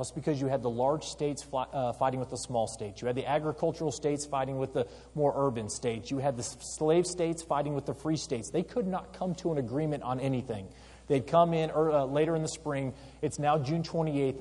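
Male lecturer with a dark, mellow voice. Lively storyteller who quizzes his audience. Hall reverb on the recording. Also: mid-range voice, husky. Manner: energetic storyteller, asks the audience questions. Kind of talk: history lecture.

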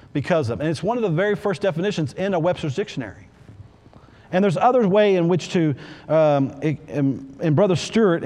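A man's voice: fairly high pitch, darkish tone. Earnest preacher man in a reverberant hall. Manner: earnest, repeats key phrases, scripture reading. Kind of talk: sermon. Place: church.

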